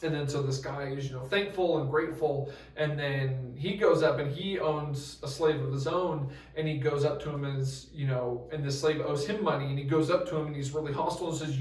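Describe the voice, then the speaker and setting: A man's voice: on the high side, normal speed, echoey room, distant mic, rough recording. A young man leading a youth group Bible study in a loose, casual talk with many fillers and restarts.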